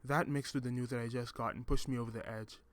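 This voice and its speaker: A man reading a first-person story in a measured, reflective way. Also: medium pitch, fairly even intonation. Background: music.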